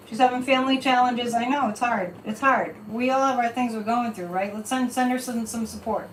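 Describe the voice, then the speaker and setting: Animated woman psychic in an echoey room. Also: fairly high pitch, fairly quick, few pauses, far from the mic. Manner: animated and emphatic, repeating phrases. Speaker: psychic host of a livestream. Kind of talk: casual livestream chat with card reading. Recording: echoey room, from off mic, faint background noise.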